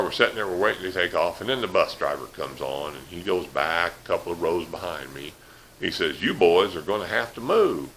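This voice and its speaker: A man's voice: sits low, gravelly, pushed and bright, a little hiss or hum, poor audio. A man telling a humorous, rambling story in a folksy way, with dry asides.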